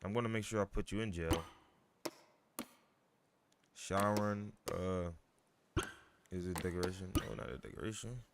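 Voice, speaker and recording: A man doing casual live game commentary, using street slang and breaking into loud, squeaky yells. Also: normal speed, pauses often. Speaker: gaming streamer. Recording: loud background noise with clicks.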